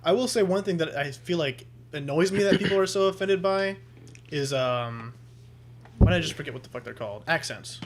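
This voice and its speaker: A man's voice: fairly high pitch, a little fast, a little hiss or hum. A young man co-hosting a podcast, joking and swearing in casual chat. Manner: joking, profane. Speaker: podcast co-host.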